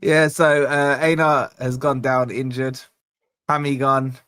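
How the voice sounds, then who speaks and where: An upbeat man hosting a live stream, chatting casually and reading out super chats with shout-outs. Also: mid-range voice, level tone, slow pace, smooth, dry recording, studio quality.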